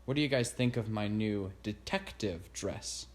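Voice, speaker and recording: A man's voice: fairly low pitch, unhurried, close to an everyday voice. A man voicing an upbeat, optimistic young princess who works as a detective, reading a storybook. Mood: cheerful. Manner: eager, optimistic.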